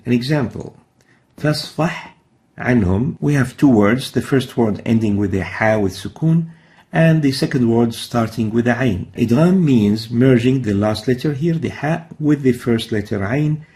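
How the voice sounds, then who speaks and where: In this recorded recitation lesson, a man with a mid-range, slightly mellow voice walks through each pronunciation mistake step by step, then sounds out the Arabic letters himself.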